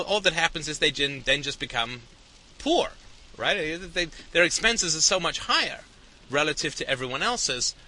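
Bright-voiced man rambling on a podcast. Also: medium pitch, poor audio. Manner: rambling, keeps checking in with the listener. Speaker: podcast host. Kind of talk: casual podcast monologue.

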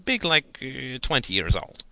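A man's voice: medium pitch, sing-song, measured pace, gravelly, bright, forceful tone, full character voice. A man voicing a patient, weary professor father who hesitates and muses as he answers his son in an audiobook. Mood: gentle. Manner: hesitant, musing, trails off.

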